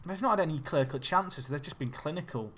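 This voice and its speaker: Streaming a football management game, a man chats nervously at a fairly quick clip, lurching from quiet mutters to panicked shouts as he commentates live.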